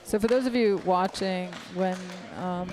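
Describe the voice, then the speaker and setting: A woman's voice: medium pitch, a little slow, a little hiss or hum. A woman commentating a live match, explaining play in a conversational way. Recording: loud music behind.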